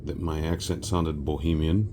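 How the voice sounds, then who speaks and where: A man from South Texas chatting casually while he works, a rambling storyteller who often clears his throat. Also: very deep voice, flat delivery, moderate pace, noisy background. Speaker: resin crafting vlogger.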